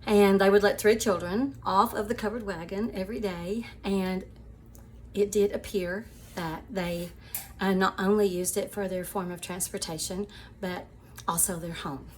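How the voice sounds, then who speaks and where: Woman host, animated storyteller, chatty, laughs a lot, medium pitch, faint background noise. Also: moderate pace. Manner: chatty and animated, laughs often, calls listeners "sweeties". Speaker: show host. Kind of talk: personal storytelling to viewers.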